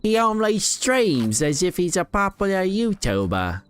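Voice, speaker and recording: A man voicing a mocking male viewer in a put-on British accent, with a drawn-out, announcer-like delivery. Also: high-pitched, sing-song, a bit bright, clear, resonant tone, pitched above the performer's own voice, exaggerated voice.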